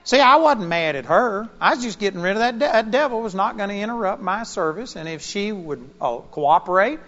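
A male pastor preaching a sermon, an animated storyteller with sudden loud bursts. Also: high voice, fairly quick, highs cut off.

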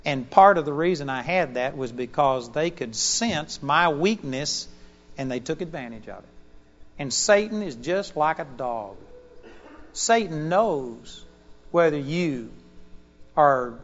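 A man with a high voice preaches a sermon, telling a story with lively rises and drops in pitch and loudness. The recording sounds dull and lo-fi, with a long reverb from a large hall. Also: takes it slowly.

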